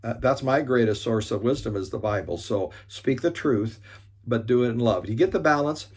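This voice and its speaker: A man giving an earnest motivational talk on resolving conflict. He leans on key points by slowing down and often restarts his sentences. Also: mid-range voice, expressive, slightly rough.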